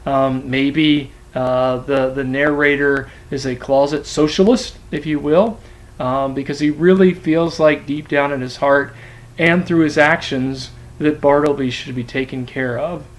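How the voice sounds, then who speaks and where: A man's voice: fairly high pitch, fairly even intonation, unhurried, low-quality recording. A man lecturing on a story as a literature teacher, talking in a hesitant way with many ums. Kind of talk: classroom lecture.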